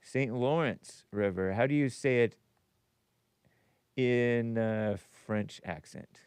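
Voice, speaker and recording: A man's voice: mid-range voice, takes it slowly, darkish tone, clean tone, no room sound. A man hosting a casual call-in show, reading viewer messages aloud and joking with chuckles. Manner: joking, chuckles while talking. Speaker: talk show host.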